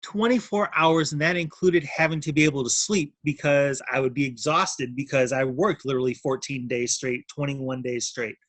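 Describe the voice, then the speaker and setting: A man's voice: mid-range voice, fairly even intonation, normal speed, few pauses, a bit bright, no room sound. A middle-aged man telling his story as an interview guest, earnest and heartfelt, often repeating his words. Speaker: interview guest, notary signing agent. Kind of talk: emotional personal testimony.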